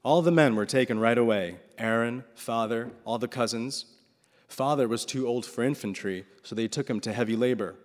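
A man voicing a fierce, defiant old Russian grandfather, speaking loudly and emphatically. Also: mid-range voice, moderate pace, big-room sound, natural voice.

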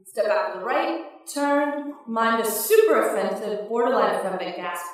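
Woman narrator, wry storyteller, slightly high voice, roomy echo. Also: expressive, normal speed. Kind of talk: audiobook narration. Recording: echoey, distant mic.

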